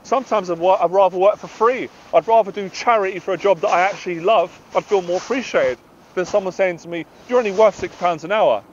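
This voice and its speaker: A man's voice: sits high, brisk, slight background noise. British guy pouring his heart out, motivational rant, kinda dull sound outside. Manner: passionate, emphatic, confessional. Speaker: anxiety and confidence coach. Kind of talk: motivational talk to camera.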